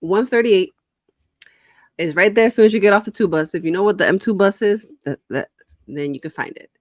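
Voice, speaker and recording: A woman's voice: mid-range voice, brisk, no room sound, studio quality. A woman hosting an interview show, introducing her guest with enthusiasm. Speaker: host.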